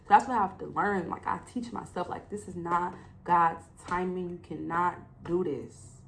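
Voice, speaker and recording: A woman's voice: fairly low pitch, steady tone, normal speed, creaky, fairly bright tone, a little hiss or hum, poor audio. A young adult woman hosting a solo podcast, talking emotionally and preachily and acting out her talks with God. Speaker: podcast host. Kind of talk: casual solo podcast talk.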